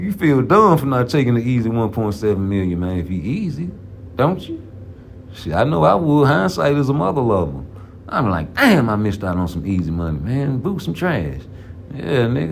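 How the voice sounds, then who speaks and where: Boxing vlogger: gravelly man, rambling and profane, slang-heavy trash talk, faint hiss behind. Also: mid-range voice. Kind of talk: casual trash-talking commentary.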